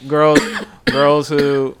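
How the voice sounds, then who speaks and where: A man's voice: fairly high pitch, completely flat delivery, extremely slow. A young man in casual, profane chat, telling loose stories about past girlfriends.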